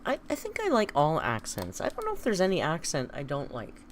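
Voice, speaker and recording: A woman's voice: deep voice, huge pitch swings, a little fast, a little hiss or hum. A woman hosting a casual livestream from home, chatty and wry, reading viewer comments aloud. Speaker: livestream host. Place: home, indoors.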